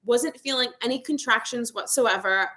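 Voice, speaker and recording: A woman's voice: on the high side, normal speed, pushed and bright. A young woman vlogger casually chatting to her viewers and telling a story, acting out what people said. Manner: chatty storytelling, acts out quotes. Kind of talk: casual livestream chat.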